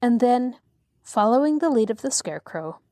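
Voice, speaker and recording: A woman hosting a storytelling show, reading a children's classic aloud in a calm, measured way. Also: a little high, no echo. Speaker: host and storyteller.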